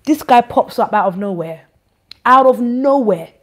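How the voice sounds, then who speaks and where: A woman giving an informal church address, animated, teasing and scolding. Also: a little high, measured pace. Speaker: church leader.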